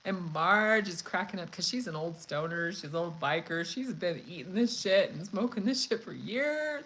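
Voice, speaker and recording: A woman hosting a cooking channel, chatting casually and telling a story in a frank, profane, animated way. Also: on the low side, normal speed, poor audio. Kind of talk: casual live chat storytelling.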